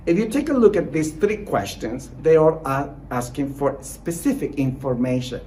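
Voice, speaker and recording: Male language teacher for an online lesson, animated intonation, upbeat encouragement, clear model sentences, faint room noise. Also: mid-range voice, normal speed, poor audio. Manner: encouraging, repeats short praise and reassurance. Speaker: Spanish teacher.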